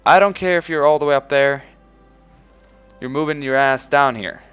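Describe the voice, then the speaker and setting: A man commenting casually on his own strategy game playthrough, swearing freely, bursting out with "boom" and ordering his in-game troops around. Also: moderate pace, clear, resonant tone, soft background music. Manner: excitable, swears casually, shouts "boom" when giving orders; talks to in-game units as if they were his troops. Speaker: let's play host.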